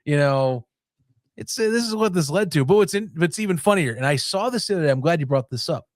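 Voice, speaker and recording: Man, fairly high voice, dry close sound; rambling, laughing sports-podcast talker. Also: lively intonation, quick pace, dry recording. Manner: rambling, self-interrupting, laughs often. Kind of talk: casual sports chat.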